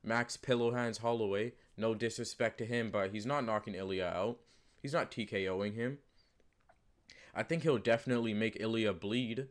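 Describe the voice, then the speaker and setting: A man's voice: fairly low pitch, steady tone, normal speed. A man talking casually to camera as the host of his own channel. He rambles through his predictions with lots of fillers, restarts and emphatic repeats. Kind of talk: casual unscripted commentary.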